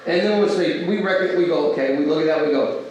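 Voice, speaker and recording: A man's voice: fairly high pitch, brisk, darkish tone, a little hiss or hum. A man teaching a Bible class in a church, chatty and full of rhetorical questions to the listeners. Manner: asks the audience rhetorical questions; acts out everyday quoted exchanges. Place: church hall. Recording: echoey hall from far off.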